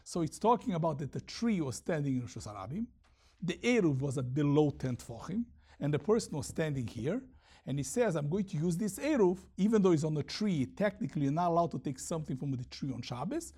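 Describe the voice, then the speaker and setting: A man teaching a Talmud lesson, reading Aramaic passages and explaining them in lively English. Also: a little high, fairly quick, slightly rough.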